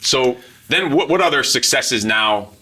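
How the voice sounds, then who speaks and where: A man's voice: mid-range voice, breathy edge. A man, a former Marine instructor, interviewing a graduate in a casual, profane, storytelling way. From United States. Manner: profane, storytelling, fast and animated.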